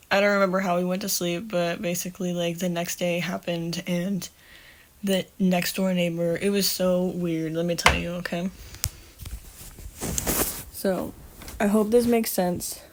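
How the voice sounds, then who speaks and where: A woman's voice: on the low side, little pitch movement, normal speed, pauses often. A woman hosting a podcast, casually telling a long story and often stopping to correct herself, with plenty of swearing. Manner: rambling, self-correcting, swears freely. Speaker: podcast host.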